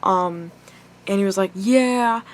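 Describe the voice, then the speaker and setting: A young woman vlogger with a lowish voice talks at normal speed to her camera. It's a casual storytime monologue about something personal, rambling and full of swearing and filler words.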